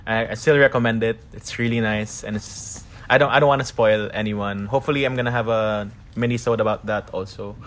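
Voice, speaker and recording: A man's voice: lowish voice, fairly even intonation, fairly quick, hardly any pauses, a bit bright. A man from the Philippines hosting a podcast in casual chat, laughing often and slipping Tagalog words into loose, rambling talk. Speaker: podcast host.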